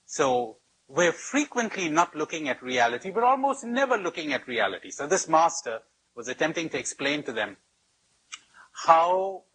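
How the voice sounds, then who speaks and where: A man's voice: fairly high pitch, a bit bright, slightly rough, poor audio. A man as a spiritual teacher giving a workshop talk. He tells anecdotes with humor and repeats phrases for emphasis. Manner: storytelling with rhetorical repetition and humor.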